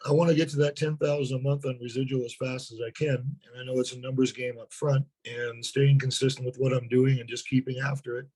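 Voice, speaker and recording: A hoarse man, a sales partner, talking earnestly in a webinar interview and often repeating words as he starts a thought. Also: mid-range voice, flat delivery, a little fast, hardly any pauses, darkish tone, rough recording. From North Dakota.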